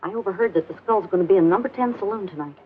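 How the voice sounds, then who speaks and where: A woman's voice: medium pitch, racing, lightly acted. Serial schemer: a woman doing an urgent, whispery double-crosser, thin vintage audio. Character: scheming female outlaw informant. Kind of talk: 1940s film serial acting. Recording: tinny old film soundtrack with hiss.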